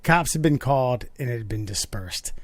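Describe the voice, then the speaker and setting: A man's voice: mid-range voice, expressive, moderate pace, dry recording. Rambling, profane man in his thirties. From Baltimore area, USA. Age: 30s. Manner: rambling storyteller, swears freely, mimics voices. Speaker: podcast co-host. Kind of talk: casual podcast banter.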